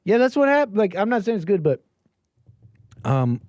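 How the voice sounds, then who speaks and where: A man's voice: high voice, big pitch swings, normal speed, darkish tone, no echo. A man hosting a call-in livestream, reacting to clips in casual, rambling commentary with many fillers and a sarcastic, dismissive edge. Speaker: livestream host taking calls.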